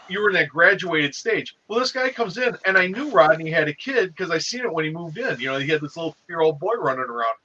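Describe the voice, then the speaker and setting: A man in his fifties telling a story in a casual chat, acting out quotes. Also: fairly high pitch. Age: 50s. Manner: animated, acts out quotes. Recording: dull lo-fi sound.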